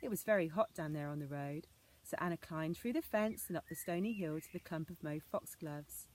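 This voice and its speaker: A woman reading an old fairy tale aloud as a storyteller, in a measured storybook manner. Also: low-pitched, a little mellow, slight background noise.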